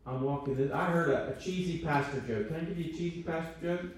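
A man's voice: on the high side, quick pace, a little hiss or hum. A man leading a church training talk, conversational, checking in with his audience and making self-deprecating jokes. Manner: self-deprecating joking asides. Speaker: church teacher. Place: church meeting room. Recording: very echoey room, voice from far off.

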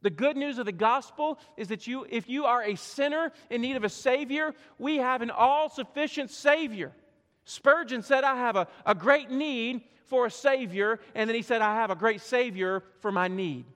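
A man pastor preaching a sermon to a church congregation, emphatic and swinging from loud to hushed. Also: very high voice, moderate pace. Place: church sanctuary. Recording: long reverb of a church hall.

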